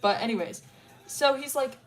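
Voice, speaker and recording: A woman's voice: high-pitched, expressive, moderate pace. A young woman streamer casually telling a story, crude and chatty, often laughing. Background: faint music.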